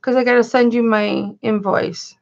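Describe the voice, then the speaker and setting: A woman's voice: on the high side, steady tone, normal speed, creaky, lo-fi sound. A woman hosting a chatty livestream, greeting viewers by name and calling herself Mama. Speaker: live-stream host and reseller.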